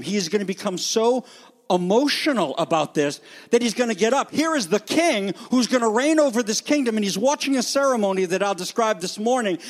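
A man preaching a sermon in an animated, jokey way, often rising and dropping his voice for emphasis. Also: high-pitched. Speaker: pastor.

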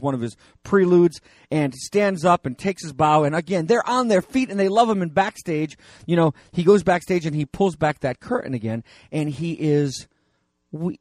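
A man's voice: on the high side, a little mellow, no room sound, studio quality. A middle-aged man preaching a sermon as pastor, in a conversational way with frequent fillers and restarts.

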